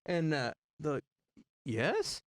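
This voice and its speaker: Animated, lively-pitched man chatting. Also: normal speed, no echo, studio quality. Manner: animated storyteller, acts out voices. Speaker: co-host of a livestream. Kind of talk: casual chat.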